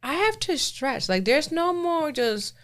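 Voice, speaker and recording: A woman in her thirties co-hosting a podcast, telling stories in a casual, animated way with frequent laughter. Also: high voice, a little slow. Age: 30s. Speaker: podcast co-host. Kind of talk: casual chat.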